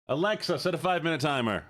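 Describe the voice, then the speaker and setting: A man's voice: on the high side, a bit bright, no room sound, studio quality. A man streaming live and chatting casually with his chat, playful, with mumbled hums between lines.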